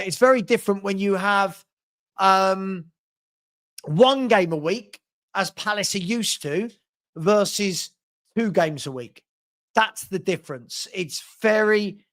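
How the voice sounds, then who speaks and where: A man's voice: high voice, a bit bright. A man hosting a live-stream football Q&A, reading out viewer questions and answering bluntly, often stumbling and repeating himself.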